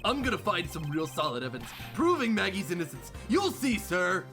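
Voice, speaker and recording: A streamer voicing a loud, loyal, excitable male detective who talks gruffly and pleads, over game music. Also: medium pitch, fairly quick, voice pushed up. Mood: indignant. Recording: music playing behind the voice.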